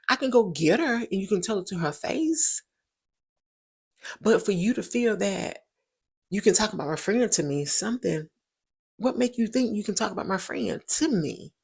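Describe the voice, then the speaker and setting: Woman, 30s, show host telling a personal story, chatty and emphatic, mid-range pitch. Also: lively intonation, moderate pace, gravelly, breathy edge. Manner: chatty, emphatic, repeats points for stress. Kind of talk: casual storytelling monologue.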